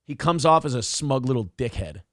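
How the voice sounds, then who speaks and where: A man's voice: medium pitch, expressive, brisk, fairly bright tone, no room sound, clean studio sound. A man co-hosting a morning talk show, chatting casually, joking, swearing and reading out viewer comments. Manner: loose, swearing, jokey, reads viewer comments aloud. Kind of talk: casual chat.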